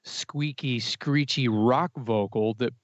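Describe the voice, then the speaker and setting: A man's voice: mid-range voice, slow pace, no echo. A man talks music with plenty of opinion, circling back on his words as he goes. His recording is dry and a bit muffled, like a home podcast setup. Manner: opinionated, animated, with restarts and fillers. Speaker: podcast co-host. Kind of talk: casual music chat. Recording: dry, slightly dull podcast audio.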